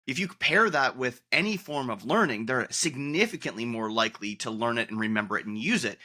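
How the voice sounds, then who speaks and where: A man's voice: mid-range voice, animated, brisk, sharp tone. A man hosting a podcast interview, reflective and articulate, explaining ideas at length. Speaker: podcast host and coach. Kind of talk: conversational interview.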